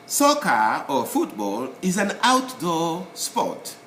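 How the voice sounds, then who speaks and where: A man teaching a spelling lesson, explaining word by word in a slow, deliberate way with many pauses. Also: on the high side, wildly swooping pitch, a bit bright, faint music behind. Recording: roomy echo, faint ambience.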